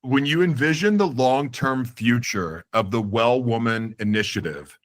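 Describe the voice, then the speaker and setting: A man's voice: mid-range voice, unhurried. A man hosting a podcast interview, giving short affirming reactions and asking open questions. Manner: affirming, brief reactions, self-correcting with a laugh. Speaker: podcast host. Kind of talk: interview host.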